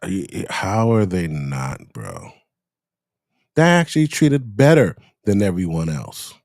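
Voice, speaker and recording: A man giving reaction commentary with slow, incredulous asides. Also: low-pitched, very animated, gravelly, darkish tone, dry recording, clean studio sound. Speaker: video reviewer.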